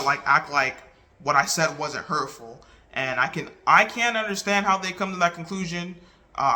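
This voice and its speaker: A man talking casually to the camera, recounting a falling-out in an earnest, halting way with many restarts. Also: on the high side, sharp tone. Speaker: vlogger.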